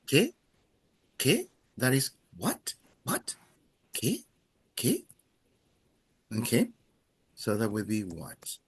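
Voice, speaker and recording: A man teaching a beginner Spanish class, explaining patiently and slowly with frequent hesitations. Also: fairly low pitch, wildly swooping pitch, breathy edge. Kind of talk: classroom language lesson.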